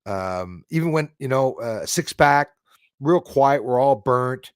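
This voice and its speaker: A man's voice: medium pitch, lively intonation, slow pace, smooth, dry recording, clean studio sound. A middle-aged man from Canada hosting a casual livestream, chatting to viewers in a rambling way with many fillers, restarts and chuckles. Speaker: livestream host. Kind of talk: casual livestream chat reading viewer comments.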